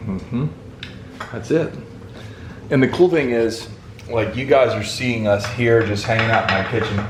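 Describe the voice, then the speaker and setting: Speaking a little slowly at medium pitch, a man who runs a fishing channel cooks indoors at home for a guest and addresses his viewers directly with folksy emphasis. A pan sizzles in the echoey kitchen, and there's a slight hiss or hum on the recording.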